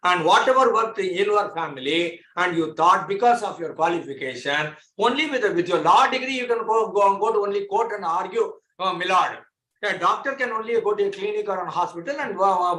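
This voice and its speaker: A man's voice: sits high, lively intonation, a little fast, pushed and bright. A man giving a lecture to a class, explaining with homely examples and repeating phrases for emphasis. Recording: echoey room.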